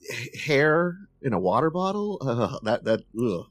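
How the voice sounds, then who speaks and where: A man's voice: mid-range voice, sing-song, measured pace. A man guesting on a podcast, chatting casually and expressively.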